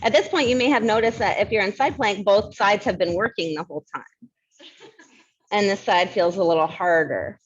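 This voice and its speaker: A woman instructor leading a barre fitness class, chatty and quick to laugh, counting down reps, with a slight lisp. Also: mid-range voice, slightly rough, muffled recording. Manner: mild lisp from new aligners.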